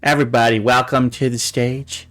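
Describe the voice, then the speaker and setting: A man's voice: mid-range voice, flat delivery, moderate pace, a bit bright, soft background music. Gushing, rambling male livestream host. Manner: gushing, cooing over pictures; rambling with many fillers and restarts. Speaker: talk show host. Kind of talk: casual livestream chat show.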